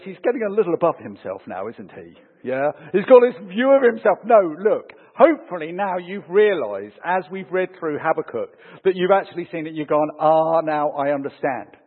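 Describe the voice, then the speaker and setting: Preacher in a reverberant hall. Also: male voice. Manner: animated, rising for emphasis and dropping low to close points. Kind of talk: sermon with opening prayer. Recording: phone-like sound with long hall reverb.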